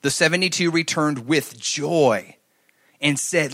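A middle-aged man preaching a sermon, telling stories and swinging from loud to hushed. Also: a little high, animated, moderate pace. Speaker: pastor.

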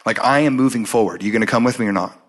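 A male preacher voicing God as a calm, firm father figure who speaks in quiet, measured words. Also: mid-range voice, pitched below the performer's own voice, lightly acted.

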